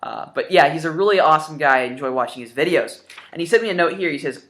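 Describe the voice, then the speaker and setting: In this casual vlog, a gaming YouTuber in his twenties talks fast and animatedly to his viewers about his new games. His voice sits a little high with a bright, forward quality, and his eager rambling is packed with fillers and half-started words.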